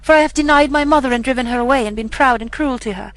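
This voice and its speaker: A woman's voice: sits high, fast talker, a bit bright, poor audio. A woman reading the part of a proud, scornful young boy in a storybook, with a haughty, cold delivery. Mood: remorseful.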